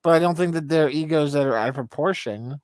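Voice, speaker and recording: A man's voice: a little high, fast talker, a little mellow, no room sound, clean studio sound. A man, a podcast co-host, in casual conversation, agreeable and thinking his points through aloud. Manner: thoughtful, agreeable, reasons things through aloud.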